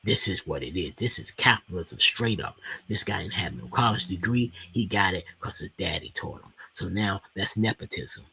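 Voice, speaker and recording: A man's voice: deep voice, lively intonation, moderate pace, creaky, pushed and bright, husky. A man in his forties with a Washington DC accent, telling a heated, profane story in a casual rant full of restarts. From Washington DC, USA. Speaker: stock market video host. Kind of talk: casual ranting monologue.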